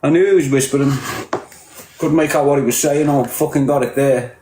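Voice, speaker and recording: A man's voice: fairly high pitch, fairly even intonation, a little fast, echoey room, background noise. A man with a Liverpool accent chatting casually on a livestream, greeting viewers and teasing them bluntly with heavy swearing. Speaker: livestreamer reading viewer comments.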